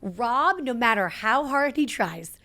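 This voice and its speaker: A woman in her thirties co-hosting a podcast, talking in a rambling, animated rush. Her voice sits a bit high, and she packs her sentences with "like" and restarts. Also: slow. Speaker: podcast co-host. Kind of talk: casual chat.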